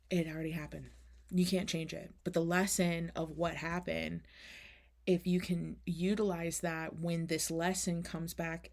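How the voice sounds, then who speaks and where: Woman, oracle reading, casual chat, slightly low, gravelly, candid. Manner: chatty, candid, swears casually. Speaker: oracle card reader.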